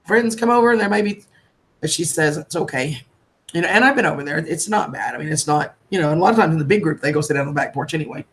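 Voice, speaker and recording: A woman chatting on a live stream, greeting viewers as darling and sweetheart in a chatty, heartfelt way. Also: fairly low pitch. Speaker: livestreamer. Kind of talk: casual live-stream chat.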